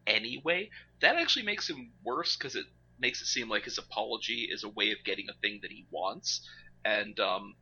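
A man co-hosting a podcast in casual chat, animated and quick to laugh. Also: mid-range voice. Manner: animated, laughs often, puts on mocking voices. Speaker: podcast co-host. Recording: slightly dull lo-fi recording with faint background noise.

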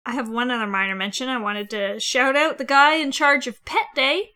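A woman's voice: high voice, moderate pace, pushed and bright, clean tone. A woman co-hosting a casual podcast about a film, blunt and sarcastic, swearing freely. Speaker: podcast co-host.

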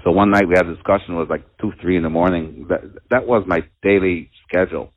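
A father telling a personal story at a community talk, halting and earnest, with many pauses and restarts. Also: low voice. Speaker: father telling of his daughter. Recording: tinny, phone-like narrow sound.

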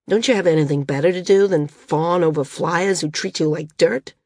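A woman's voice: on the low side, moderate pace, a little mellow, dry recording, clean studio sound, close to an everyday voice. A woman voicing a cool, bitter young man flyer who speaks in a level, sardonic way.

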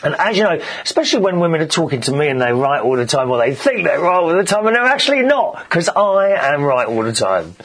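A man hosting a show, telling gossipy stories in a casual, animated monologue. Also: a little high, fast talker, hardly any pauses, breathy edge. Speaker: show host.

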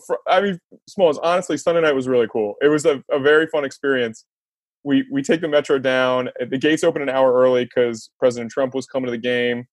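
A man hosting a podcast, telling a sports story in a lively casual way and laughing as he talks. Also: medium pitch, no room sound. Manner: animated storyteller, laughs mid-sentence. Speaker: podcast host.

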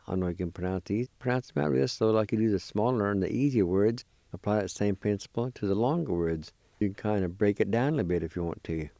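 A man gives a radio language lesson, spelling out words letter by letter and repeating syllables with patience. His voice is low, warm and smooth. He talks very slowly, and the studio sound is dry and close. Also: dry recording. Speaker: language teacher and radio host. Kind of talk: slow spelling and pronunciation lesson.

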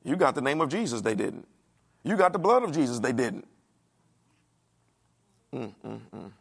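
A man preaching a sermon in a dialect, animated, asking the congregation questions and acting out the voices of the people he quotes. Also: mid-range voice, normal speed, gravelly, breathy edge. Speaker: pastor.

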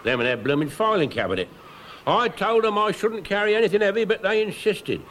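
Complaining workman on a pier, aggrieved, fairly high, faint hiss. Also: lively intonation, fairly quick, fairly bright tone. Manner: whining, aggrieved. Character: grumbling male pier handyman. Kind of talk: 1990s radio sitcom acting.

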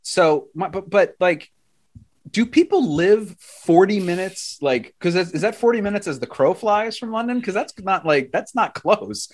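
A man's voice: high-pitched, lively intonation, normal speed. A man in his forties from the US, hosting a podcast and talking in a casual, emphatic, self-mocking way. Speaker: podcast host. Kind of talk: casual chat.

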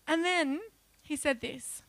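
A woman giving an emotional personal testimony as a church speaker, acting out her own pleas loudly as she tells the story. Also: high-pitched, no room sound. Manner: emotional storytelling that breaks into loud pleading re-enactments.

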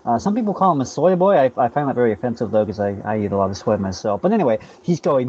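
A man's voice: medium pitch, very animated, quick pace, few pauses, a little mellow. A young man performing a comedy sketch monologue as a forum user, mock-earnest and rambling with lots of fillers. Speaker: comedian playing forum users. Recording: slightly dull, dry recording.

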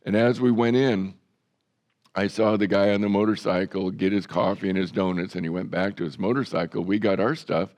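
A man's voice: lowish voice, steady tone, a little fast, a little mellow. A man preaching a sermon as a pastor, in a conversational, folksy way with self-deprecating humor.

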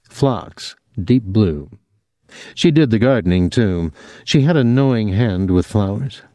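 A man narrating a novel in a measured, even manner. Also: lowish voice, no room sound, studio quality. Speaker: audiobook narrator.

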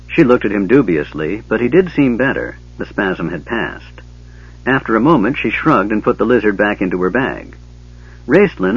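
A man narrating an audiobook in a steady storytelling manner, doing character voices. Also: on the low side, breathy edge, lo-fi sound.

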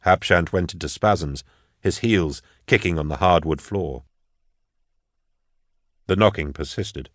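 A man narrates an audiobook in a measured, even way, with a fairly low voice. The recording is dry and close, with no room sound. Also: no room sound. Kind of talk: scripted narration.

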